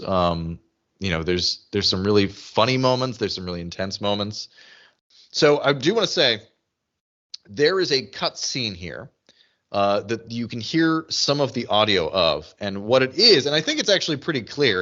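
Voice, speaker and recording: A man co-hosting a podcast in casual chat, animated and full of restarts as he talks. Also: fairly low pitch, dull audio. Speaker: podcast co-host. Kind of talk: casual chat recapping a TV episode.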